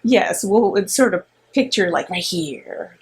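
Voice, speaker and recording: A middle-aged woman spins a spooky personal story in loose, rambling fashion, her voice a little husky. She is animated and sprinkles in fillers as she goes. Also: on the low side, a little slow. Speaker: co-host and mother. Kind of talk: casual storytelling.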